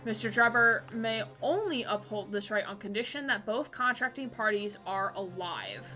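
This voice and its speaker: A woman streamer chatting excitably while playing a courtroom game live, laughing often and swearing casually. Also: on the high side, normal speed. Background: background game music.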